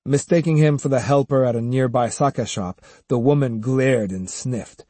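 A man narrating an audiobook in a measured storytelling manner. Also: medium pitch, dark tone, no echo. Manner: measured storytelling, many voices. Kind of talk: scripted narration.

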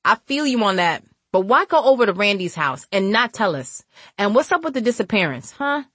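A distrustful young man presses his point with slangy, pushy questions, performed by a woman narrator. The delivery is animated and the recording dry and close. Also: medium pitch, a little fast, no room sound, pitched above the performer's own voice. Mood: insistent. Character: young man, suspicious and insistent.

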